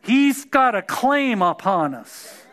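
Older guy preaching, slow and high, leans hard on words, drops folksy lines. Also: very animated, a bit bright. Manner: emphatic, drawn-out preaching with colloquial asides; laughs during his own anecdotes. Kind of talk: sermon.

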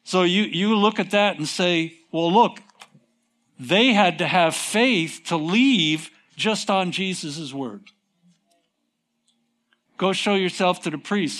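A man delivers a sermon slowly and emphatically, drawing out words for stress and drifting into folksy, conversational asides. His voice is high-pitched with a fairly bright tone.

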